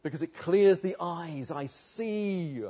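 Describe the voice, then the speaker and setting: A man preaching a sermon, earnest, swinging between emphatic declamation and quiet, low asides. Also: animated, slow, highs cut off.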